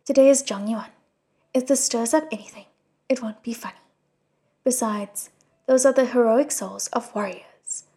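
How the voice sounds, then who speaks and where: A woman's voice: on the high side, moderate pace, dark tone, breathy edge. A woman voicing an earnest, kind young male crown prince in a storybook reading, solemn and admonishing.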